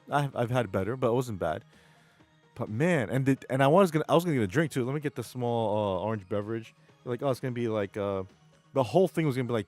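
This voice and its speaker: A rambling streamer with a New York accent and a low voice, talking to his chat between game rounds. Faint music plays under his casual talk. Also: a little mellow. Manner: chatty, rambling, reads chat aloud. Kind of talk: casual live-stream chat while gaming.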